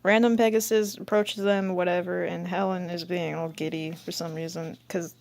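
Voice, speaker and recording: A woman's voice: on the low side, flat delivery, normal speed, creaky, darkish tone, a little hiss or hum. A woman hosting her channel, reading through an old comic in casual commentary, rambling and giggling at herself. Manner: rambling, giggly, self-mocking. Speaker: channel host.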